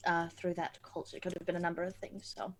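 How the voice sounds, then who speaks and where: A woman's voice: lowish voice, flat delivery, quick pace, low-quality recording. A woman playing a tabletop game who speaks hesitantly, with many fillers. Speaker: player. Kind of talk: casual tabletop game chat.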